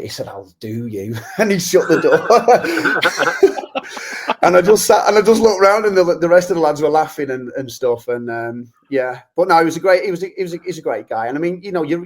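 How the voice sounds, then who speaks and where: Halting man telling old stories. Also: mid-range voice. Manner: rambling, halting storyteller with many restarts. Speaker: guest, former youth player and musician. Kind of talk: casual chat.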